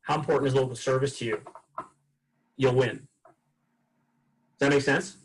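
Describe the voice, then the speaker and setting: A man's voice: mid-range voice, a little slow, slight background noise, low-quality recording. A man leading a sales training session, telling customer stories casually and acting out the dialogue. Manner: casual, lively storytelling with acted-out dialogue.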